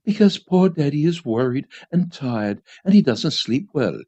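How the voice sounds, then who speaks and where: Casting: gentle, hushed mother, husky and mellow, read by a man. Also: a little high, very animated, measured pace, exaggerated voice. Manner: soft, hushed and soothing. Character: patient young mother, soft and gentle. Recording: dull lo-fi community radio.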